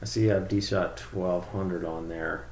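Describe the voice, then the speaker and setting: Brief: deep-voiced man, gravelly, loose rambling tutorial delivery, roomy recording. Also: steady tone, measured pace, darkish tone, a little hiss or hum. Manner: rambling, thinking aloud with fillers. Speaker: drone tuning reviewer. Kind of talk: casual screen-share tutorial.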